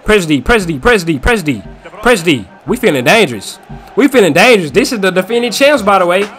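A man with a high, bright voice talks through a football video game match as he plays it. His commentary is excitable and swings up and down, and he repeats his hype phrases again and again. Faint music plays behind him. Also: brisk. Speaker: gaming YouTuber. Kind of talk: live gameplay commentary.

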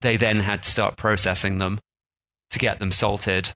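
Bright-toned man chatting casually. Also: fairly low pitch, level tone, unhurried, low-quality recording. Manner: chatty, lots of "like" and restarts. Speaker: podcast co-host. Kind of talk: casual chat.

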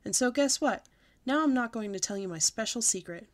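A woman reading a storybook aloud and voicing an excitable, bossy little kindergarten girl who talks loud and breathless. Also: on the high side, a little fast, lightly acted. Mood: pleading.

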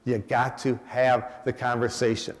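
An older man giving a public talk as guest speaker, animated, acting out the people he quotes. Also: mid-range voice, normal speed, long reverb tail. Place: event hall.

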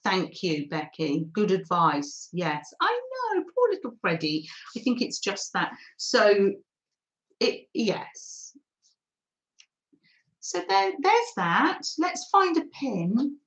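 A woman's voice: medium pitch, very animated, slow pace. A woman hosting a live mixed-media art demo, chatting and thinking aloud as she paints and reading out viewers' comments. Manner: reads out and thanks viewers' comments. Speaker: craft livestream host.

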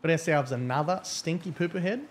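A man's voice: on the high side, a little fast, background noise. A man giving casual, profane, rambling live-stream commentary as a game streamer.

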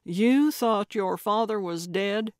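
Woman voicing a loud, blunt old lady sleuth. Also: medium pitch, no room sound, studio quality, lightly acted. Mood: bossy. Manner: loud, emphatic, deliberate declarations. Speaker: audiobook character.

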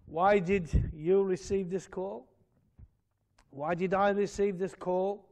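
A man preaching a fervent sermon in a church, swelling to loud emphatic peaks and dropping to quiet asides. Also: high voice, steady tone, slow, lo-fi sound. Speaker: pastor.

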